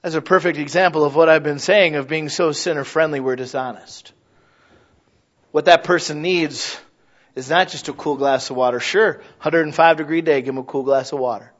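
A man in his thirties preaching a sermon, animated and acting out little scenes in other voices. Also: on the high side, moderate pace, lo-fi sound. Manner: animated, mimics voices for illustrations. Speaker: pastor.

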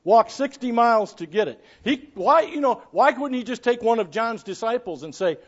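Preaching man with a high, rising voice. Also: expressive, normal speed, lo-fi sound. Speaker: pastor. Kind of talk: sermon.

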